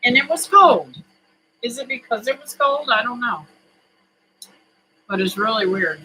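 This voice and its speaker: A homesteading vlogger talks to camera from a home kitchen in an unhurried, drawn-out way. The voice is bright and forward. The delivery is folksy and rambling, full of ums and uhs. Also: mid-range voice, lively intonation, a little hiss or hum, poor audio. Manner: folksy, rambling, with many fillers. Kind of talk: casual chat to camera.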